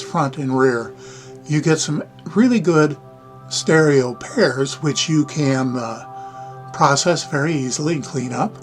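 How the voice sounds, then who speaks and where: Rambling older American man hosting a livestream. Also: fairly high pitch. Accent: Midwestern American. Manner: rambling, folksy, chuckling asides. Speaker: livestream host. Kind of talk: casual live-stream chat.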